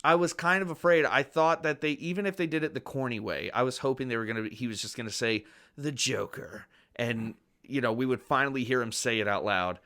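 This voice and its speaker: Man, podcast co-host, bright tone, casual, enthusiastic, swears freely. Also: mid-range voice, a little fast.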